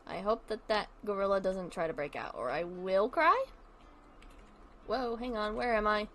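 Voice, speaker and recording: A woman's voice: mid-range voice, animated, moderate pace, a little hiss or hum. A woman streaming a game in casual chat, rambling and chatty, often trailing off, restarting and swearing casually. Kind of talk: casual chat while playing a zoo-building game.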